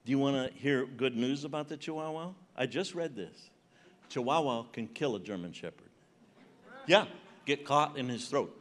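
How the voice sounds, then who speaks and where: A man's voice: mid-range voice, lively intonation, moderate pace, slight background noise. A man in his seventies performing stand-up comedy on a conference stage, bantering and teasing the audience. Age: 70s. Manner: conversational, teasing audience members. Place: large conference hall stage.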